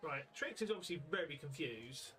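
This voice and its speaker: Bright, hesitant man playing a tabletop game. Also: a little high, expressive, moderate pace, soft background music. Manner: hesitant, filler-heavy. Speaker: player. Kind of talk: casual tabletop play. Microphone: video call.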